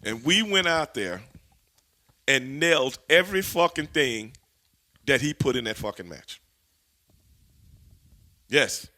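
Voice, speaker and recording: A man, a former wrestler, telling stories as an interview guest in an animated, profane way, laughing as he goes. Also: medium pitch, slow pace, pauses often. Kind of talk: storytelling in a shoot interview.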